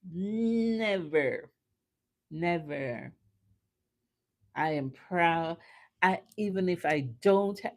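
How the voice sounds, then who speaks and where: A woman hosting a chat stream, telling personal stories in an earnest, animated way and laughing often. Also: on the low side. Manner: earnest, faith-filled. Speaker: host. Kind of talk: casual chat.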